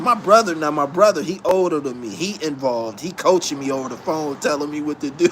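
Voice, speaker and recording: A man's voice: moderate pace, hardly any pauses, slight background noise. A man hosting a podcast, telling a story in a loose, profane way, often breaking into laughter. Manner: laughing, profane, swings from low mutter to high excited yelps. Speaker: podcast host.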